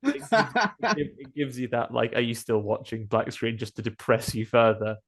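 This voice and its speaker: Male podcast host, comic film recapper, does quick character voices. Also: mid-range voice, fairly bright tone. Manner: jokey recapping, acts out characters in quick asides. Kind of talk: casual film recap chat.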